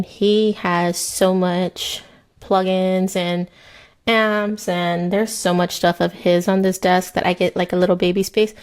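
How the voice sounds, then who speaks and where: Woman, thirties, fast rambling casual chat, frequent swearing, podcast host. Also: lowish voice, a little mellow, smooth. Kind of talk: casual true crime chat while crocheting. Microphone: headset mic, then removed.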